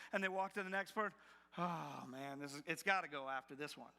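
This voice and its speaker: A male pastor delivering a sermon in a church, animated as he slips into the voices of the doubters he quotes. His tone is bright and forceful, sitting a little high for a man. The sound carries a long reverb from the church hall. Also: a little fast, gravelly. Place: church sanctuary.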